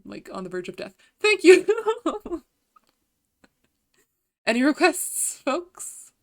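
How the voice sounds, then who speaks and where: A woman streamer chatting casually with viewers, giggly and self-deprecating, often trying out voice impressions. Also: medium pitch. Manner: giggly, self-deprecating, slow and soft-spoken.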